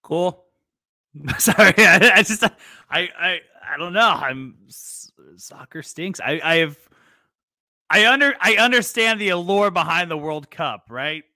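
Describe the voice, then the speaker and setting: A man's voice: sits high, expressive, measured pace, pushed and bright, no room sound, clean studio sound. A young man co-hosting a podcast in casual banter, wry and stubborn, often stammering and restarting. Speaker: podcast co-host.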